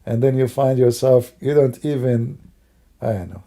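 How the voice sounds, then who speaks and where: A man whose first language is Arabic, hoarse from losing his voice, musing and rambling in broken English on a livestream. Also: mid-range voice, normal speed, mellow. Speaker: livestream host. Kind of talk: casual livestream talk.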